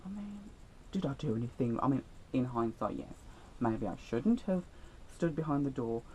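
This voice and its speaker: A man's voice: medium pitch, lively intonation, normal speed, darkish tone, slight background noise, low-quality recording. A teenage boy telling school stories in a chatty, rambling, self-deprecating vlog. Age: teens. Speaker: vlogger. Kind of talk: storytime vlog.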